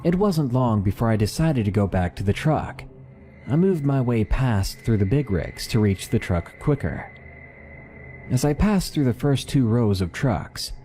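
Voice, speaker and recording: A man giving scripted narration of submitted horror stories, with lively, dramatic storytelling. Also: mid-range voice.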